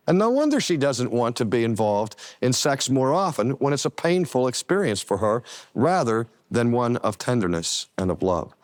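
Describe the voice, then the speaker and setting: A man's voice: medium pitch, no room sound, clean studio sound. An older man teaching in an earnest sermon style, stressing key words and drawing them out. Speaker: preacher and teacher.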